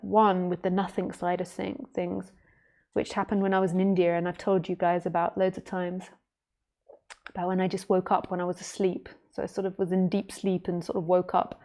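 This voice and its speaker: Woman spiritual teacher, live Q&A; gentle and meandering, flat, soft-toned delivery. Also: fairly low pitch. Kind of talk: answering viewer questions on a livestream.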